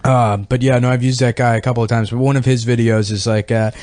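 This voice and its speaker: A man's voice: medium pitch, steady tone, quick pace, darkish tone, no echo. A man hosting a comedy podcast, crude and rambling as he mocks people in casual chat. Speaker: podcast host.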